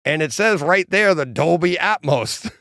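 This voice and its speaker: A man's voice: a little high, lively intonation, a little slow, gravelly, a bit bright, no echo, clean studio sound. A man co-hosting a podcast, telling stories animatedly, mimicking people and laughing often. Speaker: podcast co-host. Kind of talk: casual chat.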